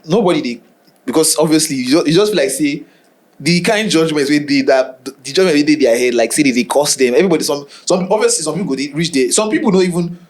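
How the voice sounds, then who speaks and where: Fast-talking young Nigerian man. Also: a little high. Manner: storytelling, mixing Pidgin and English, laughs often. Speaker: podcast host. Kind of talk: casual chat.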